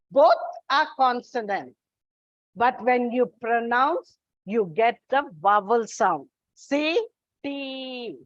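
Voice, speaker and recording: Slow, high-voiced woman teaching English. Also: dry recording. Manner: slow, deliberate explaining with spelled-out examples. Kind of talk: classroom English lesson. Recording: dull lo-fi sound.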